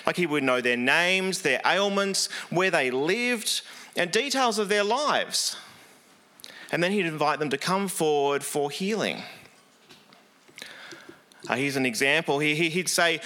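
A male preacher with a somewhat high, bright and forceful voice. He delivers his sermon earnestly and conversationally, sprinkling in ums and uhs as he explains. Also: animated, measured pace, pauses often.

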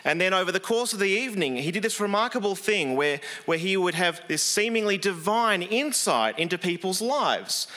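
A man's voice: high-pitched, expressive, moderate pace, hardly any pauses, bright, forceful tone. A man preaching a sermon in an earnest, conversational way, with frequent fillers.

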